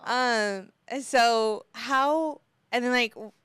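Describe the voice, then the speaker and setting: A woman's voice: on the high side, slow pace, a bit bright, clear, resonant tone, no room sound. Chatty woman hosting a podcast. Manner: chatty and emotional, many fillers. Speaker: podcast host. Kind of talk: casual podcast chat.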